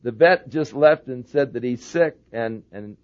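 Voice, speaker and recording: A man's voice: medium pitch, a little slow, pitched below the performer's own voice, lightly acted. A man doing a folksy old rancher. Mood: plain. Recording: dull lo-fi sermon recording.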